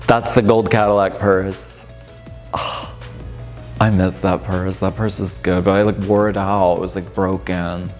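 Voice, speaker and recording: Chatty amused man, lowish voice. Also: flat delivery, measured pace. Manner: chatty, amused, lots of filler "like". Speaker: drag performer reacting to old footage. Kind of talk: casual reaction commentary. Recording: long room reverb with faint music.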